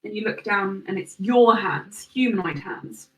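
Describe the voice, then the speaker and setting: A woman narrating a tabletop role-playing game as game master, in slow, measured second-person description. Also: medium pitch, expressive, a bit bright, echoey room, distant mic, rough recording.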